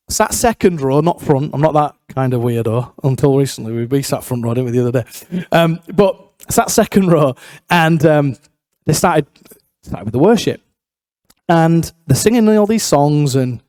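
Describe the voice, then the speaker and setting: A young man, telling his life story in a church, lively and self-mocking, acting out the voices of the people in it. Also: a little high, no echo. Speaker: guest speaker sharing testimony. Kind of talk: testimony storytelling.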